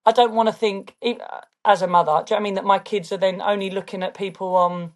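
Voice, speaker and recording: A fashion brand founder from London chats casually as an interview guest, speaking fast in a steady, mid-range voice with a London accent. She often asks "do you know what I mean".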